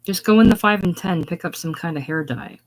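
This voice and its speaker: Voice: medium pitch, fairly quick, close to an everyday voice, poor audio. A reader voicing a blunt, matter-of-fact woman of sixty-eight who works at a sewing machine, in a casual reading of a teleplay. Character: 68-year-old woman, blunt, stubborn coworker.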